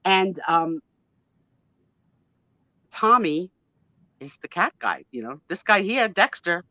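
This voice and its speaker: A woman's voice: fairly low pitch, big pitch swings, takes it slowly, sharp tone, no room sound. A woman in her fifties, a guest on a live chat show, telling a story in a gushing, emotional, chatty way with mild swearing. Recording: dull lo-fi, dry sound.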